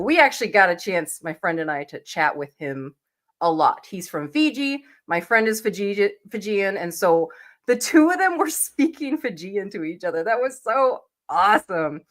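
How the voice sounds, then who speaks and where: A woman in her forties, sick and hoarse, chatting casually as co-host of a reaction show, swearing freely and laughing often. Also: on the low side, animated, moderate pace, fairly bright tone. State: sick, losing her voice, coughing.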